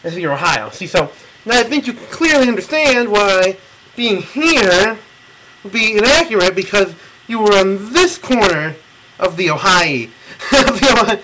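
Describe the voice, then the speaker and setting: A man's voice: high voice, very animated, measured pace, sharp tone, poor audio. A young man from Michigan rambling casually and profanely while drawing a map for someone, laughing often. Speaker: video replier. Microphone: camera mic close to the face.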